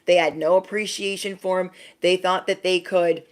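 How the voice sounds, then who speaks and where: With a lowish, steady voice at normal speed, a woman reads tarot for the camera in a chatty way. She calls the listener "bestie" and mimics quoted people in exaggerated voices.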